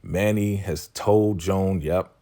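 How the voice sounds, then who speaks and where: A man's voice: low voice, lively intonation, normal speed, a little mellow. A man giving a casual, slangy recap of a TV episode, acting out the characters' lines as he goes. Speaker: TV recap YouTuber.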